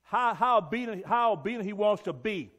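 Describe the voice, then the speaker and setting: A man's voice: high voice, lively intonation, a little fast, fairly bright tone. A man teaching a Bible lesson and reading scripture aloud, emphatic and repeating key words for stress.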